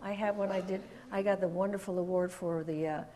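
An older woman from Puerto Rico, a guest telling lively stories in an interview and laughing often. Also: fairly low pitch, a little fast. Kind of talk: anecdotal storytelling in an interview.

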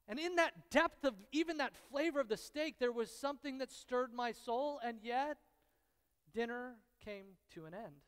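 A male pastor with a very high, clean-toned voice preaches a sermon in a large hall with long reverb. He tells stories using repetition and dramatic pauses, moving from hushed, intimate lines to loud, excited bursts.

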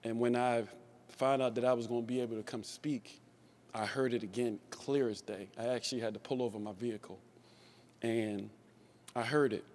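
A man in his forties speaks at a memorial event, sharing stories about his old coach. His pitch sits in the ordinary middle range for a man. He often repeats or restarts his words and laughs along as he talks. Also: steady tone, normal speed, darkish tone, a little hiss or hum. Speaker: former player giving a tribute speech. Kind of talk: anecdotal memorial speech.

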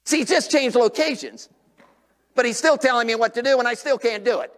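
An older man preaches a revival sermon, his voice sitting unusually high. He swings from ringing shouts down to near whispers, and the church sanctuary gives his words a long, lingering reverb. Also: a little fast.

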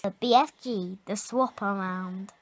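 A woman's voice: medium pitch, unhurried, slight background noise. A woman chatting in a vlog, often puzzled and giggling as she repeats lines back in another accent. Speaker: vlogger. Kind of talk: casual vlog chat, imitating an accent.

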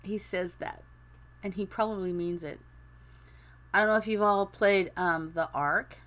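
A woman's voice: mid-range voice, steady tone, measured pace, a bit bright. A woman in her fifties from Arizona, chatting casually and rambling with laughs while she builds in a game on stream. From Phoenix, Arizona. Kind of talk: casual chat while gaming.

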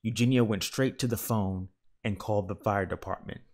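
A man reading a children's picture book aloud in a calm, measured narration. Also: lowish voice. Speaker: storyteller.

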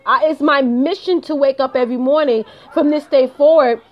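A woman's voice: high voice, moderate pace, highs cut off. A woman speaking straight to her viewers in a motivational live stream, emphatic and repeating her points. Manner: emphatic, repeats phrases, addresses viewers directly. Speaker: home business consultant.

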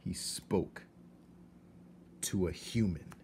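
A man, a teacher, reading a children's story aloud in an expressive way, dropping to hushed tones. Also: low voice, extremely slow, creaky, slight background noise.

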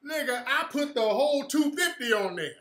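A man's voice: extremely high pitch, animated, moderate pace, fairly bright tone, echoey room. A man hosting his own show, telling a story in a casual, profane, mocking way and often laughing at it. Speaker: podcast host.

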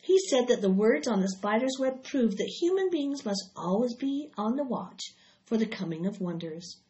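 A woman reads a children's novel aloud at an easy, unhurried pace and now and then stumbles over a word. Her voice is slightly high. The recording sounds dull and lo-fi. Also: expressive, dark tone. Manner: unhurried, with small slips. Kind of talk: reading a children's book aloud.

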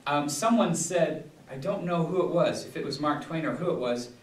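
Rambling pastor in an echoey room. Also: male voice, on the high side, expressive, normal speed. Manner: rambling, digressive, many restarts and fillers. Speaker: pastor leading a Bible study. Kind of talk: casual teaching talk. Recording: echoey room, distant mic.

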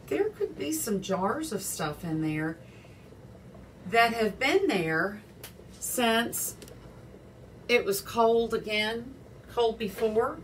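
A woman's voice: fairly high pitch, a bit bright, distant mic. Casual woman cooking-show host, chatty and rambling, heard from a little way off the camera mic with faint background noise. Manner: chatty, rambling, self-deprecating. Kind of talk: casual home cooking livestream. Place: home kitchen. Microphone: phone or camera on small tripod, set back.

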